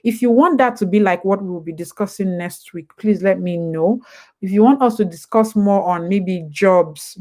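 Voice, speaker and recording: A woman's voice: lowish voice, a little mellow. A young woman with a Nigerian accent hosting a casual live stream with advice, chatty and digressive, jumping back and forth between topics. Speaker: host.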